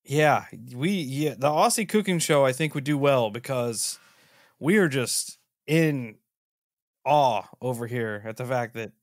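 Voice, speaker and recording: A man hosting a podcast in casual chat, teasing and incredulous, with lots of animated reactions. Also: medium pitch, a little slow, no echo, studio quality. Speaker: podcast host.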